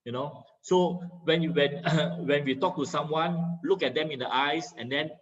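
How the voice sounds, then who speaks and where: A man teaching communication skills in an online lecture, talking over a video call. He speaks in a teacherly way, fills pauses with many drawn-out "uh"s and often checks understanding with "okay?" or "right?". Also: on the high side, lo-fi sound.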